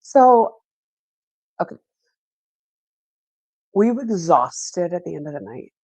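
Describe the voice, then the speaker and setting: A woman's voice: fairly low pitch, very animated, slow, a little mellow, no echo. A woman co-hosting a podcast in casual chat, listening closely and responding. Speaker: podcast co-host.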